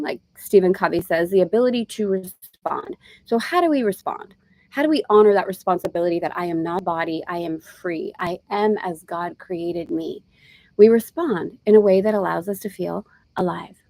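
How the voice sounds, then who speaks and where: A woman teaching a live spiritual lesson in a relaxed, conversational way. Her voice sits in a middle pitch range. The sound is close and dry. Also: no echo, rough recording. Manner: warm chatty asides, breaks into laughter. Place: travelling in Greece, indoors.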